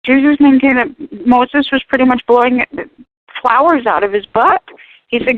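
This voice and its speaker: Impassioned high-voiced woman on a phone line. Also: normal speed, dry recording. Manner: impassioned, preachy, emphatic. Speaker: guest. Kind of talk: animated talk radio discussion. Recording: tinny phone-line radio audio.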